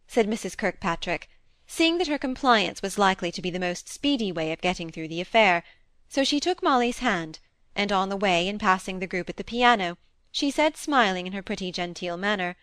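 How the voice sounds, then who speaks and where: A woman narrates a classic novel in a measured, expressive way. Her voice is smooth and clear at a middling pitch. She is recorded close on the mic, dry, with no room around her. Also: no echo. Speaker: audiobook narrator. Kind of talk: scripted narration.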